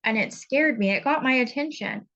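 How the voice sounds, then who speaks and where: A woman's voice: fairly high pitch, moderate pace, creaky, fairly bright tone, highs cut off. A woman spiritual coach giving an earnest, intense, confessional teaching monologue, blunt and unafraid to swear.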